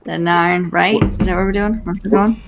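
A woman's voice: lowish voice, fairly even intonation, normal speed, vocal fry, music in the background. A woman playing in a tabletop game, joking around with the others. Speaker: player.

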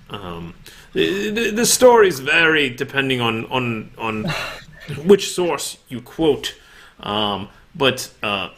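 A man voicing a formal, pompous male Templar knight who speaks haltingly and repeats his words. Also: medium pitch, bright, forceful tone, full character voice.

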